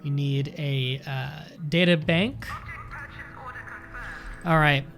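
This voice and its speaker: A man hosting a let's play, giving casual commentary in a slightly high voice. He chats and rambles as he thinks aloud, restarting sentences as he goes. Faint music plays behind him. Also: steady tone, very slow, a bit bright.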